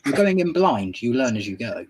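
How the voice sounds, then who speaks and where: Man, easygoing, podcast chat, game master, middle pitch. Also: big pitch swings, normal speed, a little mellow, slight background noise.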